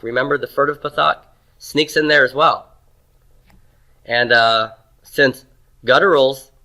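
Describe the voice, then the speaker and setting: A man with a bright, forceful voice teaching a Hebrew grammar class. He asks the room questions and then answers them himself. His voice sits a little high for a man. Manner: sounds out Hebrew syllables slowly. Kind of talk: classroom lecture.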